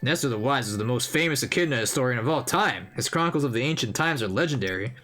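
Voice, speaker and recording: A man reading aloud the lines of a male echidna warrior from a game, in an earnest, excited way with a lively pitch. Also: fast.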